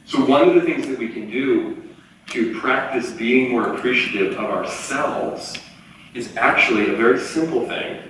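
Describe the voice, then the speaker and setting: Animated male speaker in an echoey hall. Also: medium pitch, normal speed, slight background noise. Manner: animated storytelling, acts out quoted voices. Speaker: motivational speaker. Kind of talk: live keynote talk. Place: large auditorium. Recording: echoey hall from far off, faint ambience.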